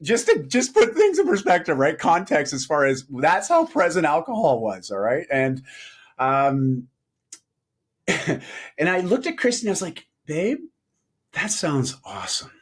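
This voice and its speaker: A middle-aged man tells a personal story as a podcast guest, animated and quick to laugh, acting out the voices of the people he quotes. His pitch sits fairly high and swings widely. The tone is husky and slightly rough. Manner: animated, laughs often, acts out quoted dialogue. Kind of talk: storytelling in a casual interview.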